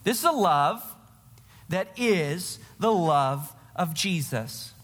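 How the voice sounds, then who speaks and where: A man's voice: a little high, animated, slow pace, fairly bright tone, long reverb tail. A man preaching a sermon to his congregation, earnest and direct, speaking to them as their pastor.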